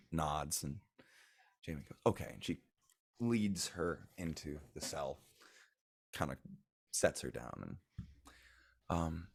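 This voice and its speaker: A man with a very low, gravelly voice narrates a tabletop game as game master, loose and casual. The sound is dry and close. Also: takes it slowly, long pauses, dry recording. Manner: relaxed, casual, with fillers.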